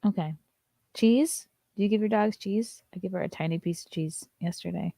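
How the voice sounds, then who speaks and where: A woman's voice: medium pitch, moderate pace, vocal fry, warm tone, no echo, clean studio sound. A woman comedian hosting a casual morning show, chatting loosely and reading viewer comments, sometimes slipping into sing-song baby talk with her dog.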